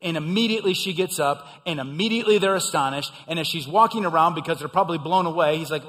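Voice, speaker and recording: A middle-aged male pastor delivers a sermon in a slightly raised voice. He swells to emphatic peaks and sinks back to hushed, low lines. A long reverb trails his words through the hall. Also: expressive, fast. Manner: preaching with swells of emphasis and quiet drops.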